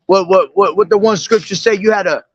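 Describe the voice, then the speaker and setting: A man street preaching, reading scripture verses slowly and explaining them, checking in with repeated "okay?" and "all right?". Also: high-pitched, slightly rough, no room sound, lo-fi sound.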